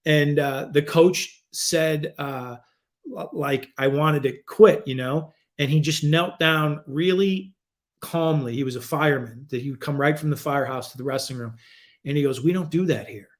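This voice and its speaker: A man in his forties, a podcast guest, telling stories in a casual, animated, profane way. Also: normal speed. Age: 40s. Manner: animated, profane, acts out quoted voices with big pitch jumps.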